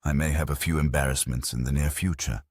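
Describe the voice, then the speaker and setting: A man voicing a sly, theatrical old foreign gentleman who talks in a florid, conspiratorial way. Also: extremely low pitch, steady tone, fast talker, breathy edge, no echo, clean studio sound.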